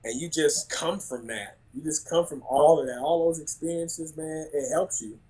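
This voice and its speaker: A man, a former basketball player telling animated stories in a casual chat. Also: a little high, moderate pace, poor audio. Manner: animated storyteller, laughs often, acts out quotes.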